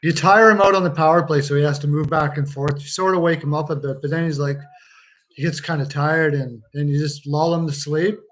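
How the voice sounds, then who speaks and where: A man's voice: on the high side, fairly even intonation, fairly quick, fairly bright tone. A man hosting a casual hockey watch-along stream, joking, laughing often and swearing freely. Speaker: livestream host.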